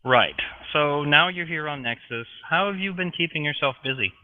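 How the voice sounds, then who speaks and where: A man's voice: fairly high pitch, normal speed, lightly acted. A man voicing a nervous, polite male interviewer, apologetic and eager to please, over a tinny voice chat line.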